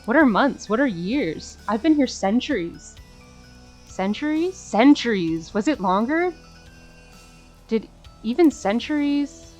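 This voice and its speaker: A woman voices an unhinged female demon who has been trapped for centuries. She is bitter and tormented, with dramatic lurches from despair to shouted curses. Soft game music plays underneath. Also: on the high side, expressive, a little slow. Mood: anguished. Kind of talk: reading a visual novel aloud.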